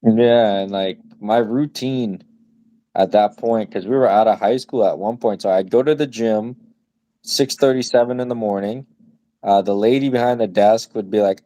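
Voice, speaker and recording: Mellow low-voiced guy, laughing and slangy. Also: moderate pace, no echo. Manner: laughs often, loose slangy storytelling. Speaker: podcast co-host. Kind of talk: casual chat.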